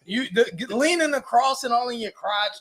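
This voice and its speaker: Rambling high-voiced man. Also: moderate pace, a loud crowd. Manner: rambling, hesitant, many fillers. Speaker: podcast co-host. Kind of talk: casual chat.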